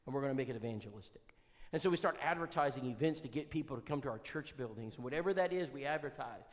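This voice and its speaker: A male preacher leading an evangelism seminar, folksy and animated, quizzing his listeners. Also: medium pitch, fast talker. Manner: animated, folksy, quizzes the audience, many restarts. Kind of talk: conversational seminar talk with storytelling. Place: church hall. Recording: reverberant church hall.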